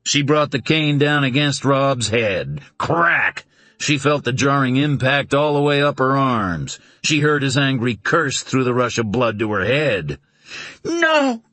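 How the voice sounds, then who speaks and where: A man narrating a suspense novel in a deliberate, dramatic reading. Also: mid-range voice, a bit bright, no room sound. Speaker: audiobook narrator.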